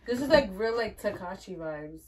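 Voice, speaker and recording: A woman's voice: medium pitch, animated, moderate pace, crowd noise. A young woman from Rhode Island co-hosting a music reaction chat, slangy and often laughing. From Rhode Island, USA. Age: young adult. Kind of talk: casual chat.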